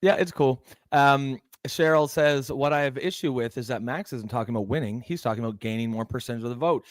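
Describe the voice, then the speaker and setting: A man's voice: mid-range voice, fairly quick, no echo. A man chats in a mid-range voice and stumbles through restarts and fillers as he reads out viewer comments. The sound is dry and close, with no room. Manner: hesitant, filler-heavy, reads chat comments. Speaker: podcast co-host. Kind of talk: casual political chat.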